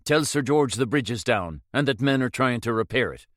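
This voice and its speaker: A man's voice: medium pitch, expressive, fairly quick, a bit bright, no echo, studio quality, close to an everyday voice. A man voicing a bold masked outlaw hero who gives firm, urgent orders in a raised voice.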